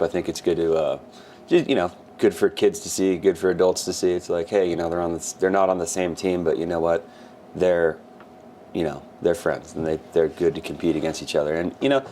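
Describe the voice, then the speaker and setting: A man co-hosting a casual sports podcast, telling animated stories and acting out quotes. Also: deep voice, fairly quick, slight background noise. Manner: animated storyteller who acts out quotes. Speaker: podcast co-host.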